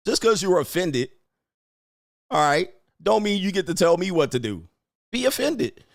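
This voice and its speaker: A male show host rants through casual livestream commentary, brash and profane. His voice sits a little high for a man and leaps up and down with lively inflection. He keeps a combative, defiant edge and laughs often between lines. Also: measured pace. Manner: frequent laughter.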